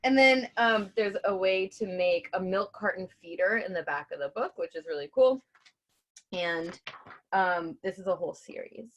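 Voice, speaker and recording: A woman hosting and reading a children's picture book aloud in an enthusiastic, animated way. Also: medium pitch, moderate pace. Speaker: storybook reader and host.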